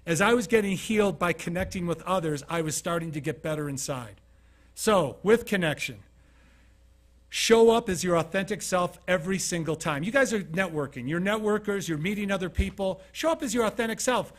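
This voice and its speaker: Brisk and high-voiced, a Utah man gives a motivational keynote. He narrates stories conversationally, acts out scenes, and asks his audience questions.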